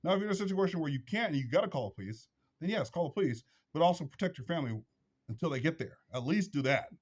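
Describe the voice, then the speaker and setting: A man's voice: fairly high pitch, lively intonation, fast, slightly rough. Blunt, preachy man giving advice. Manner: preachy, repetitive, emphatic. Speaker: vlog host.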